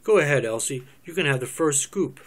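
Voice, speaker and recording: A man's voice: fairly high pitch, expressive, a little fast, fairly bright tone, slight background noise. A man reading a bossy prim mother. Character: prim controlling mother of a girl. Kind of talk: cold reading of a script.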